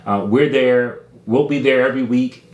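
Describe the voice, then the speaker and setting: A man's voice: medium pitch, moderate pace, highs cut off. A man co-hosting a business class, encouraging viewers in a loose, casual way with plenty of filler words. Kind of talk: casual motivational pitch. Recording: echoey room.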